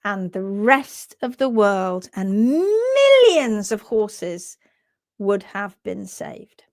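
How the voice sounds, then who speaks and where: A woman with a Bristolian accent hosting a live session on hoof care, talking casually in a rambling, animated way, breaking off and restarting her sentences and swearing bluntly now and then. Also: medium pitch, slow pace, no room sound, studio quality. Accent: Bristolian English. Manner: blunt and salty, drops mild swearing. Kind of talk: casual live-stream chat.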